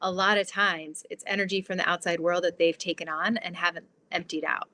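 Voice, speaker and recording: A woman guest on an interview podcast, explaining her ideas in a lively, chatty way with lots of "like". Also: on the low side, brisk. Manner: animated, explanatory, fillers like "like". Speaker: guest, transformation guide.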